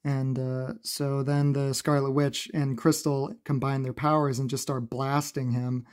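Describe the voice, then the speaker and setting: A man recapping a comic book in a casual, chatty review, laughing often and filling pauses with "uh". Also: medium pitch, level tone, a little mellow.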